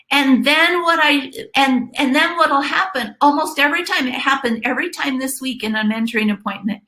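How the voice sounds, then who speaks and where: A woman's voice: on the high side, bright, forceful tone, reverberant, rough recording. A woman life coach giving a motivational webinar talk, earnestly repeating key phrases for emphasis.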